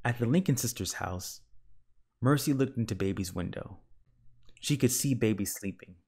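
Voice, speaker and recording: A man's voice: on the low side, breathy edge. Man reading a children's book. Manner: calm, measured narration. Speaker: storyteller. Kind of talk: children's book read-aloud.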